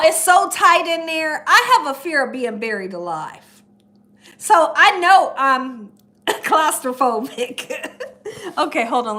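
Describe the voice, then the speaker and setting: Lively high-voiced woman with a drawl. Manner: storytelling, animated, laughs often. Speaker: cooking channel host. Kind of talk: casual livestream chat reading comments.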